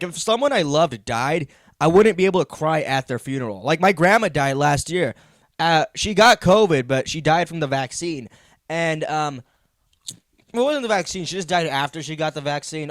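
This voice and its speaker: Young male podcast host, rambling profane rant, slightly high voice, dead-dry close mic. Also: dry recording. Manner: profane, meandering, self-deprecating rant. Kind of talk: rambling comedic monologue.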